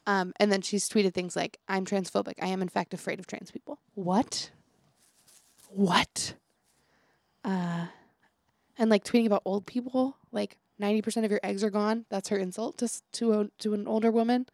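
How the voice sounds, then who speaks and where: A woman's voice: medium pitch, vocal fry, darkish tone, no room sound, studio quality. A young woman co-hosting a casual podcast, telling stories and acting out quotes with frequent laughter. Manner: chatty storyteller, acts out quotes, laughs often. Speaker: podcast co-host and teacher.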